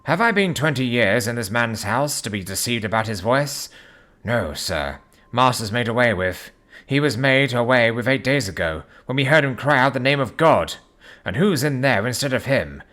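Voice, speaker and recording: A man's voice: mid-range voice, lively intonation, moderate pace, close to an everyday voice. A man voicing a frightened old butler. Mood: fearful. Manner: urgent, hushed and fearful. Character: anxious, loyal older male butler.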